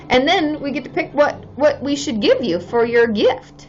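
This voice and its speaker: A woman's voice: sits high, animated, normal speed. A woman in her thirties, a therapist hosting a casual live stream, chatting with viewers in a bubbly way and cheering often. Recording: slightly dull sound with faint music behind.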